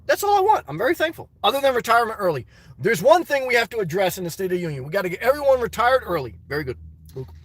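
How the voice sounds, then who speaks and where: A man's voice: very high-pitched, bright, forceful tone, no room sound. A middle-aged man chatting casually on a live stream from his parked car, reading out viewers' messages and calling them brother.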